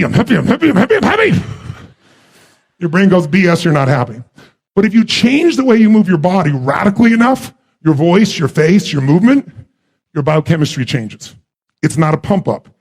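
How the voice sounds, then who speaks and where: A man with a high, gravelly, husky voice preaches self-improvement to a large live audience. He talks emphatically, firing questions at the crowd and pressing each point home. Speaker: motivational speaker. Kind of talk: motivational seminar talk.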